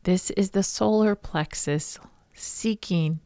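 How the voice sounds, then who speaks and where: Brief: woman podcast host, heartfelt storyteller, gravelly lower voice, dry close sound. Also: slow, mellow, no echo. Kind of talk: spiritual podcast monologue.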